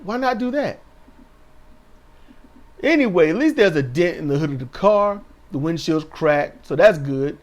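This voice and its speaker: A man's voice: a little high, animated, unhurried, long pauses. A man giving a casual, sarcastic recap of a wrestling show, mocking the wrestlers with put-on voices. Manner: sarcastic, mocking impressions in a raised voice.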